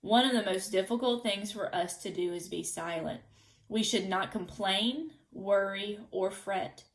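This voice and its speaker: A woman delivers a daily Bible devotional at an unhurried pace. Her voice sits at a middle pitch, and she reads the scripture passages aloud in a careful, measured way. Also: poor audio. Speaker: devotional teacher.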